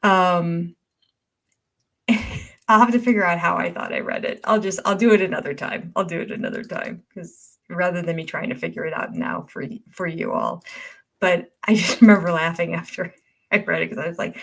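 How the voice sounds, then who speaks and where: A woman's voice: lowish voice, expressive, moderate pace, gravelly. An older woman hosting a casual livestream, reading viewer comments aloud and often laughing as she goes. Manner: chatty, warm-hearted and easily amused.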